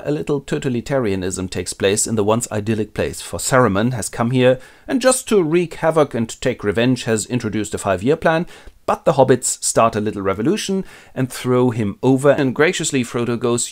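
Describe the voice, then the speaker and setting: A man's voice: mid-range voice, animated, normal speed. A man narrating a comic book summary with dry, wry asides. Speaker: host.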